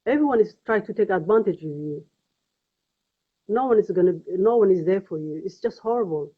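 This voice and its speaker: A woman's voice: mid-range voice, expressive, breathy edge. Earnest Somali-accented woman, tinny phone audio. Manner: earnest, pleading, halting and repetitive. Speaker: vlogger. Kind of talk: personal testimony vlog.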